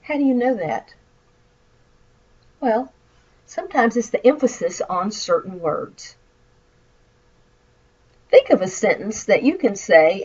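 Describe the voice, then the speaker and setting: A woman's voice: a little high, darkish tone, highs cut off. A woman with a Southern American accent, a college instructor giving a recorded lecture over slides and explaining with acted example phrases. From Midwestern United States.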